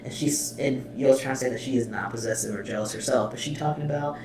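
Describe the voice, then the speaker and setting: Animated man in an echoey room. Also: mid-range voice, fast talker. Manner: animated, laughing, swearing freely. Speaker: reaction channel host. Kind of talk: casual reaction commentary. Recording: echoey room, far from the mic, faint noise.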